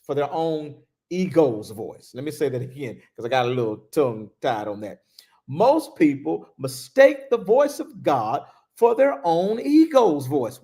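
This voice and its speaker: A man preaching a sermon as a bishop, animated and laughing, repeating key phrases for emphasis. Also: on the high side, gravelly. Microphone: livestream.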